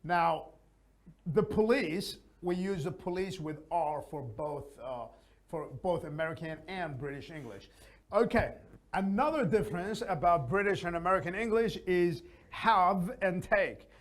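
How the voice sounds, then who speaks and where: A man's voice: sits high, lively intonation, a little slow. A man teaching an English lesson in a chatty, casual way, often adding his own opinions. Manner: chatty, gives opinions, frequent fillers.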